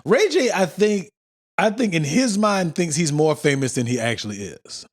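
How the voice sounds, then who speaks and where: A man co-hosting a loose, casual podcast, his pitch sitting a little high and swinging widely as he talks. He laughs often and keeps up a teasing banter. He sips beer as he chats. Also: expressive, moderate pace. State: drinking beer. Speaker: podcast co-host. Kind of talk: casual chat.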